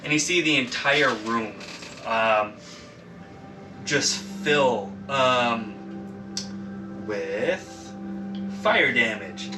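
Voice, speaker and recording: A man's voice: mid-range voice, expressive, extremely slow, long pauses, echoey room, music in the background. A man narrating as dungeon master at a game table, loose and rambling, with lots of ums and casual swearing. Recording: distant mic with clear background noise.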